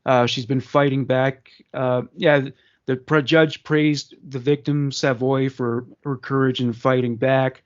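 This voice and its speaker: A man co-hosting a casual podcast, reading crime news aloud and breaking off for chatty asides full of fillers. His voice sits at a middle pitch, and the recording is slightly dull and lo-fi. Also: flat delivery, unhurried. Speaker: podcast co-host.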